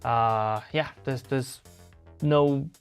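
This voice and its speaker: A man talks loosely and chattily at an ordinary pitch, drifting from thought to thought as he hosts a livestream. Faint guitar playing sits behind his voice. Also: drawn-out words. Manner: chatty, rambling, answers chat messages. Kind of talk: casual livestream chat.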